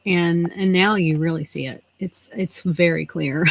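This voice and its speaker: A woman's voice: lowish voice, measured pace, no echo. Woman chatting on a craft stream, laughs a lot, dry close mic. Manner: chatty and animated, laughs often. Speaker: livestream co-host. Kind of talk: casual chat while crafting.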